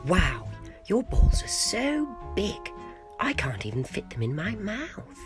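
A woman's voice: fairly low pitch, huge pitch swings, slow pace, over music, full character voice. A woman voicing a silly young boy puppet character in a goofy, singsong way.

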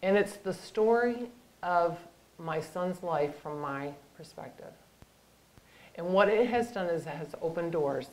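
A middle-aged woman giving an emotional personal testimony as a guest speaker, halting at times and dropping to a hush. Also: lowish voice, expressive, rough recording. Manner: emotional, halting, with hushed whispered moments. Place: lecture room.

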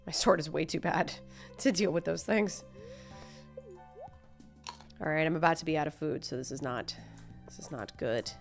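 A woman streaming a video game live, jumpy and excitable, swearing and laughing as she plays. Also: deep voice, moderate pace, vocal fry, long pauses, faint music behind. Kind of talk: live gameplay commentary.

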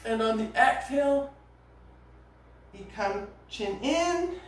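A woman teaching a yoga class, giving calm, gentle cues with casual asides. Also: high voice, slow pace. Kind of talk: guided yoga class instruction. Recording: echoey room, voice from a distance, faint noise.

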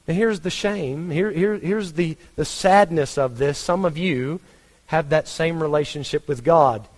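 Earnest Texan preacher in a hall. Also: male voice, a little high, unhurried, a little mellow. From Texas. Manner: earnest, conversational, asks the congregation questions. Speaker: pastor. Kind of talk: sermon.

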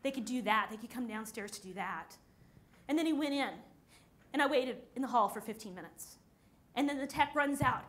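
A woman telling a personal story on a conference stage, acting out the people she quotes with lively shifts in delivery. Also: high-pitched, brisk. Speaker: speaker at a conference.

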